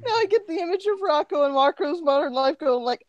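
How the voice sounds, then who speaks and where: A woman's voice: high-pitched, lively intonation, fairly quick, no echo. Giggly woman reading fan fiction aloud. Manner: giggly and crude, breaking into laughter. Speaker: podcast co-host.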